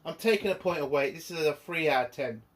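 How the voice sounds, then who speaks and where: A man's voice: fairly high pitch, lively intonation, fast talker. A man reviewing a TV episode in an angry, exasperated rant, swearing often. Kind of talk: ranting video review.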